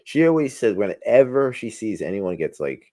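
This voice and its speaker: A man with a deep, gravelly voice hosts a casual podcast interview. His pitch moves around a lot, and he keeps the guest going with quick, encouraging affirmations. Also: very animated, warm tone. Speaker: podcast host.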